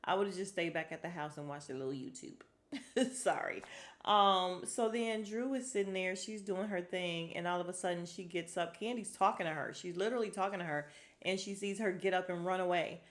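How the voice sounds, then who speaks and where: Speaking at a normal speed in a fairly low pitch, this woman goes over a reality show alone on her podcast. She's talkative and exasperated, voicing the cast's lines herself.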